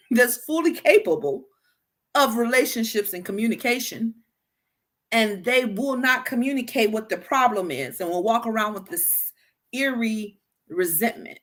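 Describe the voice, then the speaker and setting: A woman hosts a casual podcast talk on healthy communication, addressing her listeners directly at a normal speed in a slightly high voice. She's animated and keeps stumbling, restarting sentences and repeating words.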